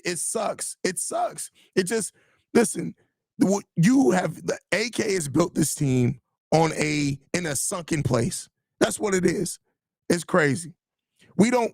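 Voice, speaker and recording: A man's voice: high voice, creaky, dry recording, studio quality. A man hosting a sports podcast, venting in a frustrated, profane rant full of repeated phrases while reacting to listener comments. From Chicago area. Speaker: podcast host. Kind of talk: live podcast reacting to chat.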